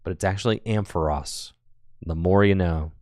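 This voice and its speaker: Male stream commentator, chatty and joking, clear smooth voice with no room sound. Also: on the low side, measured pace, no echo, studio quality. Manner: chatty and playful, laughs often, answers chat. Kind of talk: casual live-stream commentary.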